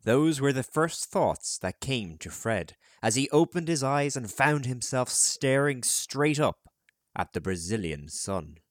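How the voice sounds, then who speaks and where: A male audiobook narrator reads a script slowly, telling the story in a measured, expressive way. His medium-pitched voice is lively, and the studio recording is clean with no room sound.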